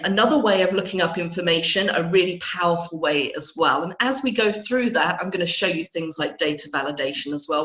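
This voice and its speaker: A woman, an IT trainer, hosting a live training webinar while hoarse and congested from a cold, chatty and laughing at herself. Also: on the low side, fairly bright tone, echoey room, low-quality recording.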